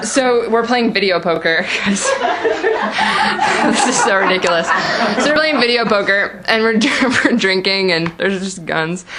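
A woman's voice: medium pitch, animated, normal speed, hardly any pauses. Giggly rambling woman telling a story. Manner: rambling, laughing, filler-heavy. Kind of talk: live personal storytelling. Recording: noisy live recording.

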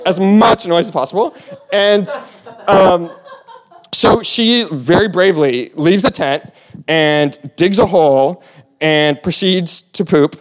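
High-voiced young man telling a rambling story. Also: unhurried. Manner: rambling, with many fillers and restarts, laughing as he tells it. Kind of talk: personal story told on stage.

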